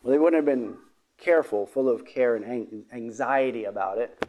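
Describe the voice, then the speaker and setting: A man preaching a sermon, halting, with many fillers and restarts, often clearing his throat. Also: mid-range voice, dull audio, a little hiss or hum.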